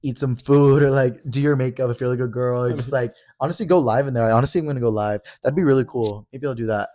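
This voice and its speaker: A young man co-hosting a podcast, talking quickly in casual chat with lots of fillers and playful mock drama. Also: mid-range voice, warm tone. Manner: fast, chatty, filler-heavy, mock-dramatic. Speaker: podcast co-host. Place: Los Angeles.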